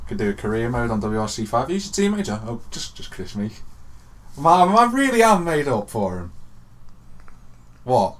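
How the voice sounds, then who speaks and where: A young man co-hosting a podcast, telling an excited story that swings from hushed to loud. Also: mid-range voice, moderate pace, long pauses. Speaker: podcast co-host. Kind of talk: excited casual chat.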